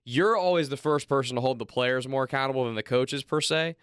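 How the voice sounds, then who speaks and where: A man with a mid-pitched, smooth and resonant voice co-hosts a sports talk show. He builds up his questions through restarts and climbs in pitch when he gets worked up. The sound is dry and close. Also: fairly quick, a bit bright, no room sound.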